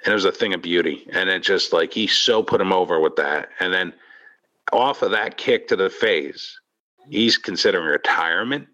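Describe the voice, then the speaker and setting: A man rambling through a casual podcast chat, piling on fillers and restarts. His voice sits low but carries a bright edge, and the recording sounds dull and lo-fi. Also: normal speed. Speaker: podcast co-host.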